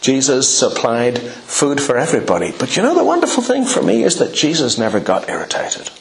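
A man's voice: medium pitch, wildly swooping pitch, fairly quick, gravelly. A man preaching a sermon, telling a Bible story with rhetorical questions and acted-out quotes. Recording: echoey room.

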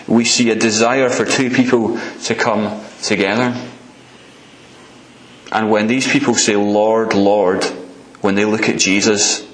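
A man preaching a sermon, telling the story calmly and then pressing his point with raised, pleading emphasis. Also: fairly low pitch. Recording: roomy echo.

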